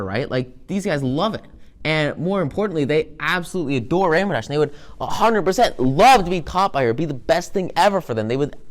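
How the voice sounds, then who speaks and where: A man giving an upbeat, rambling motivational talk with lots of energy. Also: fairly high pitch. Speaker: motivational speaker.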